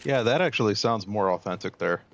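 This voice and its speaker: A man's voice: fairly low pitch, expressive, brisk, fairly bright tone. A man hosting a livestream, chatting casually, often hesitant and chuckling as he talks. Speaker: livestream host. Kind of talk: casual stream chat.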